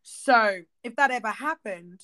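A woman co-hosting a casual chat, emphatic and blunt, swearing freely and getting animated as she makes her point. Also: on the high side, measured pace. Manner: animated, acts out quoted voices.

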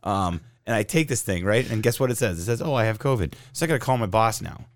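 Deep-voiced guy w a stuffy head cold ranting on a podcast, sarcastic, swears a lot, dry close mic. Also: lively intonation, fast, no room sound. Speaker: podcast host. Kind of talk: casual chat.

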